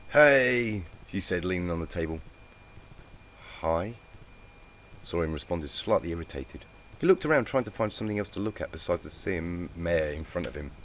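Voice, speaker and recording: A man reading a fan story aloud in plain, steady narration, with small slips now and then. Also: deep voice, quick pace, a little hiss or hum. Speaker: fanfic reader.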